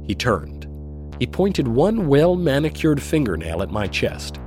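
A man giving scripted first-person dramatic narration in a measured, sardonic and self-mocking way. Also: medium pitch, very animated, a little mellow, soft background music. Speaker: narrator and reader.

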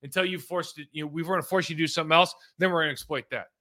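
A man's voice: on the high side, steady tone, very fast, bright, forceful tone. A man in his forties from California, a former pro football player, talking loosely through game film with plenty of football slang. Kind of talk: casual game-film breakdown commentary.

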